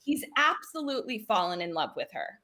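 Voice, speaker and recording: A woman hosting a comedic livestream who recaps a horror episode as an animated, giggly storyteller and quizzes her guests. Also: medium pitch, brisk. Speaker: host running a horror story game.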